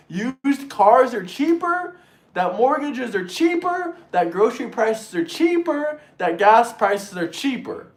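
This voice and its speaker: A man rants on his livestream, mocking and crude, pitch leaping up and down as he goes. He often slips into shrill, whiny impressions of his opponents. The sound is roomy and echoey. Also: sing-song, takes it slowly. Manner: mimics opponents in shrill voices. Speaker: livestream host reading super chats. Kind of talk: political livestream rant.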